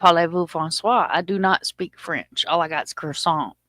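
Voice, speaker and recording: Woman, stream host, slightly low voice, joking and loose, dry close sound. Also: expressive, moderate pace, bright, forceful tone, dry recording. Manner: loose, joking, swears casually. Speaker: channel host. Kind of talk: casual livestream chat.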